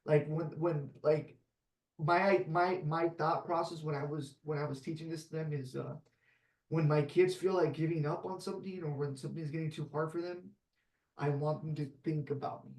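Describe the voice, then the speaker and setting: A man's voice: on the high side, fairly even intonation, normal speed, a little mellow. A man hosting a casual podcast conversation, heartfelt and open about his feelings, dropping "man" and "like" as he speaks. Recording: echoey room, off-mic.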